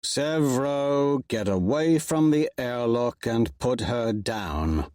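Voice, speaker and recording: A man voicing a stern, weary male leader who speaks in low, slow, clipped orders. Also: big pitch swings, dry recording, clean studio sound.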